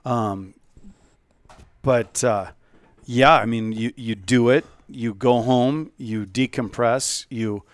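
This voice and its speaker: A man co-hosting a podcast, telling stories in relaxed casual chat with drawn-out phrases. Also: medium pitch, no room sound, studio quality. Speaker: podcast co-host.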